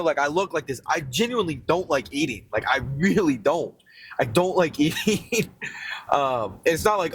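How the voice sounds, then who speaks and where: A man's voice: medium pitch, fairly bright tone, a little hiss or hum. A young man with a partial rural American accent, chatting casually in a fitness vlog on the way to the gym, rambling and joking with lots of fillers. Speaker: fitness vlogger. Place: in a car on the road.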